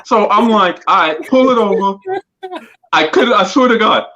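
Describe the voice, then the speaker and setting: A man in a casual group chat, an animated storyteller who acts out the quotes. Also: high-pitched, moderate pace. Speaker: podcast crew member. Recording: lo-fi dull sound.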